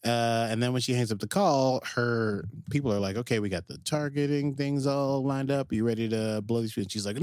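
A podcast co-host with a fairly low voice briskly recaps an episode in a casual, rambling way, packed with fillers and acted-out quotes. The recording is dry and studio quality.

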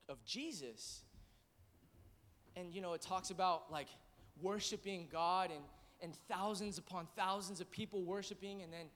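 A man's voice: high voice, a bit bright. A man in his thirties preaching a sermon in a church, telling earnest, rambling, emotional stories full of fillers. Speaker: pastor. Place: church service.

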